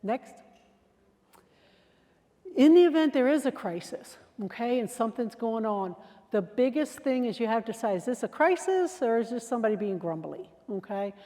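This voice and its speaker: A woman's voice: fairly high pitch, sing-song, normal speed, mellow. A woman giving a security training presentation in a chatty, conversational way, sometimes acting out example phrases. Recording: long hall reverb.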